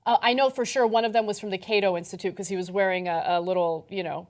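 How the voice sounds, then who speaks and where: Woman host, lively political chat, animated storyteller. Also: mid-range voice, fast talker. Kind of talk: casual political talk show.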